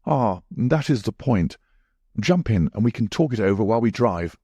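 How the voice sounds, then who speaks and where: A man voicing a careworn young gentleman who speaks urgently and with anguish. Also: on the low side, lively intonation, normal speed, slightly rough, no room sound, highs cut off. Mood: distraught.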